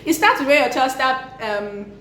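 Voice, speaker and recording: A woman's voice: high voice, measured pace, fairly bright tone. A young woman, a parenting vlogger, talking to camera about discipline in an earnest, emphatic way. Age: young adult. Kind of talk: casual talk to camera. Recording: echoey room with faint noise.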